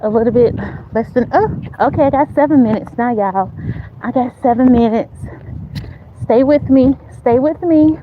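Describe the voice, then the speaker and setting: A woman's voice: high-pitched, highs cut off, a little hiss or hum. A woman hosting a casual live chat while walking outdoors, speaking straight to her viewers, repeating herself and urging them on. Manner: walking as she talks, upbeat and encouraging. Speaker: host. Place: outdoors on a neighborhood street. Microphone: phone held while walking.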